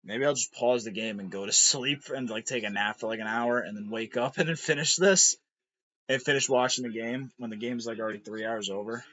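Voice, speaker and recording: A tired man giving live game reaction commentary, frustrated and swearing, now and then breaking into shouts. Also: medium pitch, a little fast, no room sound, lo-fi sound. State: exhausted.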